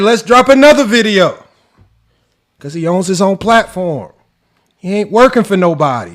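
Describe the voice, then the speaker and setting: A man hosting a sports debate show, ranting in an exasperated, mocking way and firing off rhetorical questions. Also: fairly high pitch. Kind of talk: heated commentary rant.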